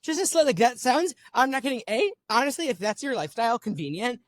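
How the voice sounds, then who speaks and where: A man hosting a podcast, out of breath and riffing quickly with jokes in casual chat. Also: extremely high pitch, expressive, dry recording, clean studio sound. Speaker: podcast host.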